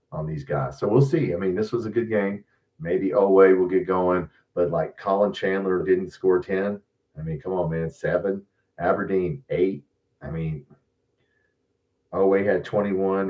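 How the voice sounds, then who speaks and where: Blunt low-voiced man ranting, distant lo-fi mic. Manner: blunt, profane ranting with frequent restarts. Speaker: sports show host. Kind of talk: casual live-stream commentary.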